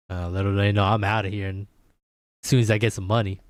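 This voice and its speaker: A man streaming a game live, chatting between reading its character lines aloud in quickly changing accents. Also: low-pitched, little pitch movement, no room sound, studio quality.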